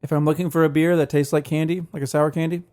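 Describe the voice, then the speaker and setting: A man's voice: fairly high pitch, flat delivery, fast talker, darkish tone. Easygoing man co-hosting a podcast. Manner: easygoing, offhand, jokey. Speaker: podcast co-host. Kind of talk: casual chat.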